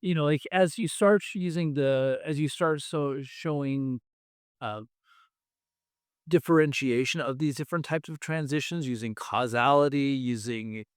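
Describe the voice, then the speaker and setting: A man's voice: medium pitch, measured pace, clean tone, no room sound, studio quality. A man speaking as an expert guest in an interview, explaining ideas step by step with examples. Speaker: guest expert on language testing.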